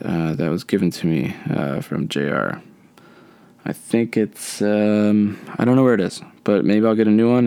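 A man's voice: fairly low pitch, a little mellow, clean tone, no room sound. A man in his thirties hosting a solo podcast, chatting in a rambling, easygoing way with many fillers. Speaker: podcast host. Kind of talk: casual solo podcast chat.

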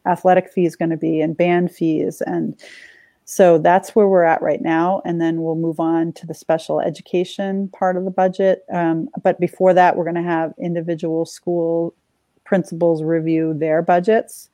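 A woman's voice: on the low side, little pitch movement, moderate pace, mellow, no room sound. A woman on the school committee explaining a budget process in a casual discussion, with dry sarcastic asides.

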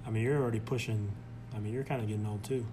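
A man in his twenties co-hosting a podcast, easygoing and quick to laugh. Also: fairly low pitch, slight background noise. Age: 20s. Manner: easygoing, laughs often, animated. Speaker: podcast co-host. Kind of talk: casual chat.

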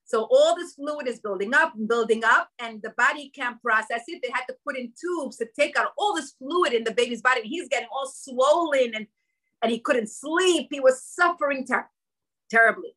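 A woman's voice: sits high, moderate pace, a bit bright, poor audio. A woman telling a personal story at a women's gathering, emotional and quoting her own inner thoughts, with religious Jewish vocabulary.

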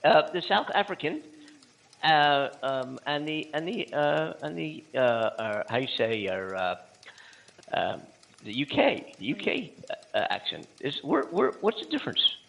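Brief: male talk radio co-host, slow and gravelly, halting and chatty. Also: on the high side, very animated, fairly bright tone. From USA. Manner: halting, full of fillers and restarts, laughs easily. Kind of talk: casual radio chat.

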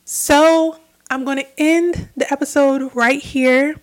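A woman's voice: sits high, steady tone, takes it slowly. A young adult woman talking alone on her spiritual podcast, earnest and reflective, repeating phrases for emphasis. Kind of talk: solo spiritual podcast talk.

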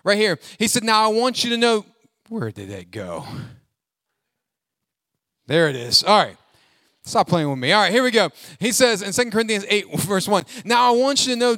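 High-voiced preacher in a dry room. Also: male voice, no echo. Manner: call-and-response preaching, asks congregation to fill in words; animated, jokes and laughs, sings snatches. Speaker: pastor. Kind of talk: sermon.

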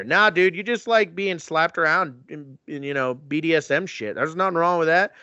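A man's voice: fairly high pitch, moderate pace, few pauses, bright, forceful tone, smooth, dry recording. Podcast co-host, man, raised voice, crude mocking rant, dull dry lo-fi recording. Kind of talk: casual movie recap.

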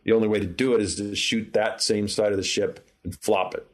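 A man's voice: on the low side, level tone, brisk. A man, a film director guest, telling long behind-the-scenes anecdotes in a casual interview, often restarting his sentences. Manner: rambling anecdotes with many restarts.

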